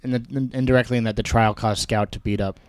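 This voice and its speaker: A man's voice: mid-range voice, fairly even intonation, quick pace, a little mellow, clean tone, no room sound. A man co-hosting a casual book discussion, talking in a thoughtful way. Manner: thoughtful, reads passages aloud. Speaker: podcast co-host.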